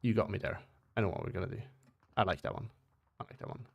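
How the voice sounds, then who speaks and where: A man's voice: fairly low pitch, fast talker, gravelly, dull audio. A young Swiss man streaming a game, speaking English as a second language with a mixed British-American accent, rambling and correcting himself as he chats with viewers. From Switzerland. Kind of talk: casual live-stream chat.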